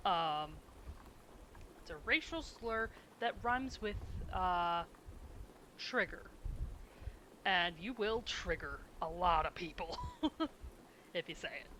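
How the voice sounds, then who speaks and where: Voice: medium pitch, lively intonation, slow, pauses often, pushed and bright, slight background noise, rough recording. A streamer chatting casually with their audience while drawing emotes, rambling and chuckling often.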